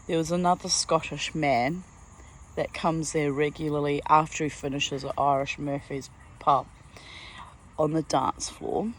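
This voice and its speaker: A woman's voice: deep voice, rough recording. Older aussie lady rambling thru a story at home, faint hiss and cars going by. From Australia. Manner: chatty, rambling, with asides and laughs. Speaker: vlogger. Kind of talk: casual storytelling monologue. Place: at home near a garden.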